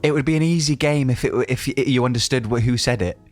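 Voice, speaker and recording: A man's voice: mid-range voice, quick pace, faint music behind. A man hosting a comedy podcast quiz, teasing his guest and laughing often. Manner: teasing, laughing, playful quizmaster. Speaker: podcast host.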